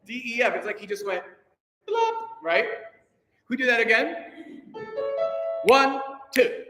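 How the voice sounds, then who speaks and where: A man leading a choir rehearsal as conductor, energetic and encouraging, counting the singers in. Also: extremely high pitch, slow. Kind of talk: rehearsal instruction. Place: rehearsal room with a piano. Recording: echoey hall with piano.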